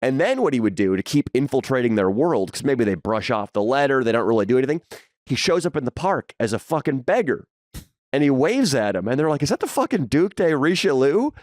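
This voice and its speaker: A man's voice: mid-range voice, sing-song, fairly quick, a little mellow, no room sound, clean studio sound. A young adult man co-hosting a podcast, telling crude, jokey stories in casual banter. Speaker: podcast co-host.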